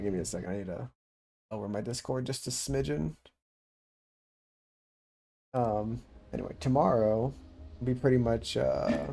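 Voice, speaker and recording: Male streamer, gravelly low-key voice, relaxed, rambling gaming chat. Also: a little hiss or hum. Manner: laid-back, chuckles often, rambling with fillers. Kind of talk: casual livestream chat while gaming.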